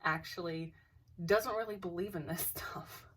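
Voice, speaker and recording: A woman's voice: on the low side, measured pace, a bit bright, recorded from a distance, slight background noise. A young woman casually telling a ghost story, hesitant, with many restarts and dips into near-whispers.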